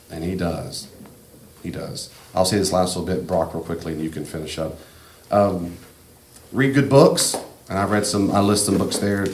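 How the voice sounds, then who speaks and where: Man, very low voice, earnest preacher, emphatic, roomy echo, faint background hiss. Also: fairly even intonation, moderate pace, a little mellow. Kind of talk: sermon-style teaching talk. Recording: echoey room, faint ambient noise.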